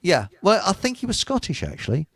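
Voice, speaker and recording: A man's voice: sits high, wildly swooping pitch, a little fast, creaky, a bit bright, slightly rough, no room sound. A man hosting a casual radio chat, rambling through anecdotes with chuckles. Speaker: host.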